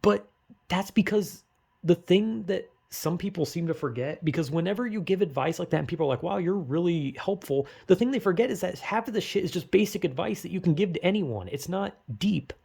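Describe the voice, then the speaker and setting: A man's voice: sits high, expressive, brisk, vocal fry, darkish tone, breathy edge. A young man in a rambling, emotional personal monologue, swearing often and running himself down, with bursts of urgent pep talk. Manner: rambling, swears a lot, self-critical.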